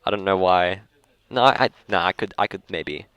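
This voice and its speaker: Low-voiced Australian young man rambling. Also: normal speed, fairly bright tone, clear, resonant tone, dry recording. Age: young adult. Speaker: podcast host. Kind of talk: casual chat. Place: school library.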